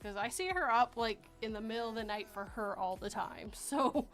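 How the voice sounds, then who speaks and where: A woman's voice: fairly high pitch, moderate pace, fairly bright tone, soft background music. Chatty woman hosting a livestream. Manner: chatty, laughs often, repeats words. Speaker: livestream host. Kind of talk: casual chat.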